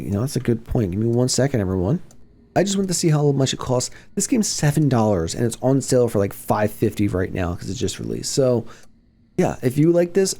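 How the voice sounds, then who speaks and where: A man casually talking through a spooky game as a gaming channel host, rambling and reacting excitedly. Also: medium pitch. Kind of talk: casual let's-play commentary.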